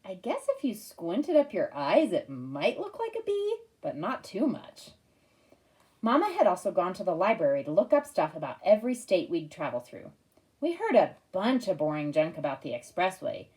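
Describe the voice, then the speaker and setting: Woman reading an audiobook, lively pitch. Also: normal speed, rough recording. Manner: wry, expressive storytelling. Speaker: audiobook narrator. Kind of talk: first-person audiobook narration.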